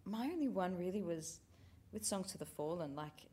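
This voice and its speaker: A woman's voice: lowish voice, lively intonation, moderate pace, dark tone, husky. A woman, a theatre writer, talking frankly and thoughtfully in casual chat, with some swearing.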